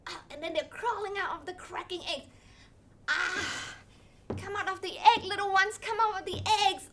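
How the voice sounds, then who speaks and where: A woman leading an interactive children's storytelling session, animated and sing-song, with playful sound effects. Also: very high voice, moderate pace, a little hiss or hum. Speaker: storytelling workshop leader.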